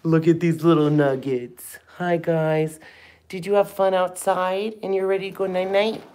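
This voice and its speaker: A man hosting a casual live stream at home, talking fondly to puppies with soft baby talk. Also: sits high, level tone, a little slow. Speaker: host of a live puppy stream.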